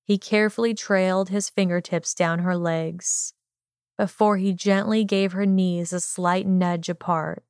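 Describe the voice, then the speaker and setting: A woman narrating a romantic fan fiction story aloud in an unhurried, measured reading. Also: on the low side, fairly even intonation, a little mellow, clean tone, dry recording, studio quality.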